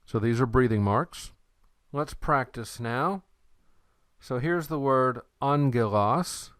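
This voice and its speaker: Male language teacher, patient and unhurried, smooth clear voice, close dry recording. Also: mid-range voice, expressive, a bit bright, dry recording. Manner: slow, patient, repeats words for the learner. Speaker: Greek teacher.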